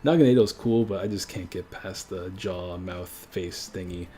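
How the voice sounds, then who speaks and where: A man's voice: sits low, moderate pace, mellow, a little hiss or hum. A man from a French-speaking country chatting casually on a livestream, rambling and correcting himself as he goes, with frequent chuckles. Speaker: streamer.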